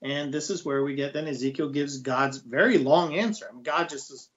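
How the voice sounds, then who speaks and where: A man's voice: a little high, a little fast, hardly any pauses, muffled recording. A man co-hosting a Bible study program, chatting casually and teasing his partner. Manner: joking, teasing, lively.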